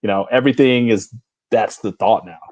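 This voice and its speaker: A man in his forties, a Navy veteran and father, talking as a podcast guest in an easygoing, halting way with frequent chuckles and fillers. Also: fairly low pitch, a little mellow, dry recording, highs cut off. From United States. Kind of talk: casual podcast interview.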